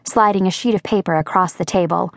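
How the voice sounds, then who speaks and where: A woman narrating an audiobook in a measured way, voicing the characters lightly. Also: on the low side, vocal fry, no room sound, studio quality. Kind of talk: scripted narration. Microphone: close studio mic.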